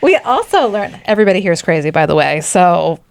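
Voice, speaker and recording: A woman's voice: lowish voice, big pitch swings, brisk, gravelly, clean tone, dry recording. A woman co-hosting a podcast, chattily recapping a book plot with sarcastic asides and frequent laughs. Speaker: podcast co-host.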